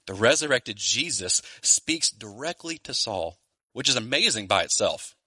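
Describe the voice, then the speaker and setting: A man preaching a sermon in a church, earnest and emphatic, slowing down to stress key phrases. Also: on the low side, very animated, bright, forceful tone, slightly rough, no room sound. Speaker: pastor. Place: Louisiana church.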